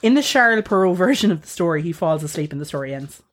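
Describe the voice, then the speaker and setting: A woman's voice: lowish voice, animated, fast talker. A woman hosting a podcast, casually retelling a fairy tale in a chatty, giggly way. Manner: chatty, giggly, self-interrupting. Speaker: podcast host.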